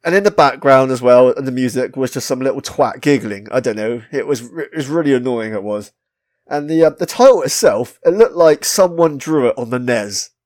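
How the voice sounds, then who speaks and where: Chatting casually about a retro game on his podcast, this British host curses liberally and pokes fun at himself. He speaks at a moderate pace in a mid-range voice that's animated and a little mellow.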